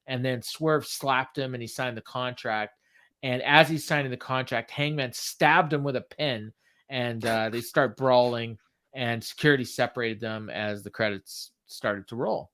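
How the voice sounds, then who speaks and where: A man's voice: medium pitch, normal speed, a bit bright. A man co-hosting a podcast, recapping a show in casual chat with lots of fillers and quotes read aloud. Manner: rambling with many fillers, reads quotes aloud. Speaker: podcast co-host.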